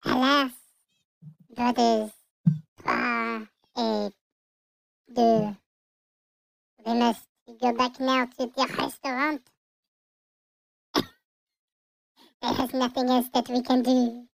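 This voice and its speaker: A player voicing a dramatic small French baby in a mock French accent with French words thrown in, through a pitched-up childlike voice. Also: little pitch movement, extremely slow, gravelly, long pauses, dry recording, full character voice, rough recording.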